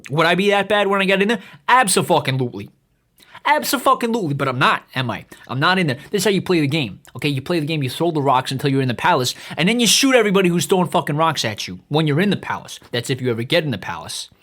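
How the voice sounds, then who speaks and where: Brief: man, about 30, rapid-fire podcast ranter, slightly high voice, swears and stumbles over restarts. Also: sing-song, a bit bright. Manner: swearing, stammering restarts, heated rambling. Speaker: podcast host. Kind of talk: profane comedic rant monologue.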